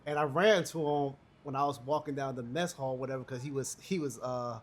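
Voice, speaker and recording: A middle-aged man telling stories in casual chat, animated and acting out the quoted voices as he goes. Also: fairly quick, a little hiss or hum. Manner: animated storyteller, acts out quoted voices with high pitch jumps. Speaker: podcast co-host.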